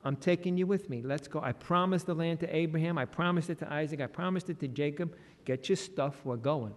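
A man voicing God as a kind, easygoing leader who talks in a casual, reassuring, low-key way. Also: a little fast, natural voice. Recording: long reverb of a large hall.

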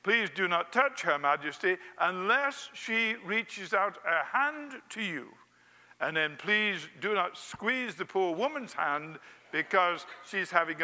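A man's voice: high voice, creaky, sharp tone, in a large hall. A man preaching a sermon, telling a wry anecdote and acting out its quotes.

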